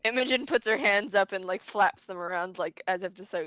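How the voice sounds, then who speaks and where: A woman's voice: mid-range voice, a little fast, fairly bright tone, smooth, no room sound. Woman doing teasing in-character rpg lines, dry room. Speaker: player voicing a character. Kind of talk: in-character tabletop role-play.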